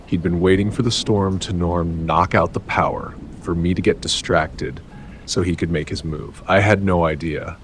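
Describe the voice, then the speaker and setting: A man reads a first-person scary story in a very deep, low voice. He takes it slowly and dramatically, breaking lines into short, halting phrases. A faint hiss sits under the recording. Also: steady tone. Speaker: narrator.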